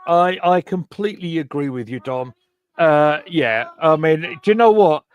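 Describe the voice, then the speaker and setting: Excitable high-voiced man hosting a chat. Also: a little slow, smooth. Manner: chatty, excitable, stumbling restarts. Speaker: host. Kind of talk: casual football chat stream. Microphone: home computer mic on a video call.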